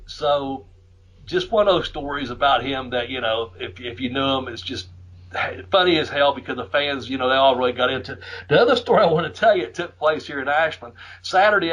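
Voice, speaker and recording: A middle-aged man from the USA telling wrestling stories in a casual, profane way, laughing often and shouting out the lines he quotes. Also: medium pitch. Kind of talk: casual storytelling. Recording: muffled lo-fi audio.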